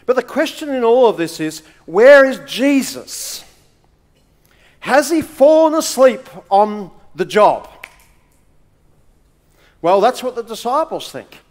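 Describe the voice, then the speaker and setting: High-voiced, slow-preaching male pastor. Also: sing-song. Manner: emphatic, with dramatic pauses and swings between loud and soft. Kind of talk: sermon. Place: church.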